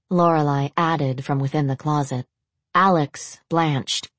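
A woman narrating a novel aloud in a steady storytelling manner. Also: low-pitched, unhurried, no room sound. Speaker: audiobook narrator. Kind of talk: novel reading.

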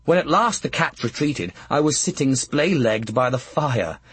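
A husky male narrator reads an audiobook with a wry, dry comic touch. He takes his time, his voice lively and expressive, recorded close and dead dry. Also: medium pitch, normal speed, dry recording.

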